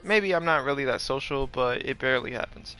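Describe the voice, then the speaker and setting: A man's voice: mid-range voice, brisk, sharp tone. A man telling a rambling, profane story in a casual way, with lots of fillers. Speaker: streamer.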